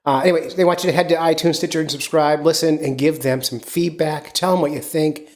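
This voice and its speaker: A man's voice: a little high, steady tone, a little fast. A man hosting a casual fishing podcast, talking in a rambling way with lots of fillers and restarts. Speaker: podcast host. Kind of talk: casual chat.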